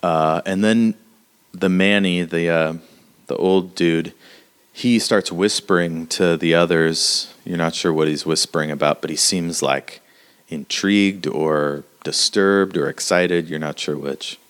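A man narrating a tabletop role-playing game as game master, halting with many fillers. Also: low voice, steady tone, smooth.

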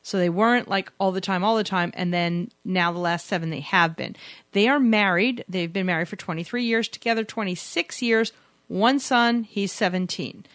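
A woman co-hosting a podcast in easy, rambling banter, quick to contradict her partner. Her voice sits at an ordinary pitch and is recorded dry, with little room sound. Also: fairly bright tone, dry recording. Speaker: podcast co-host. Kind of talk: casual banter and interview.

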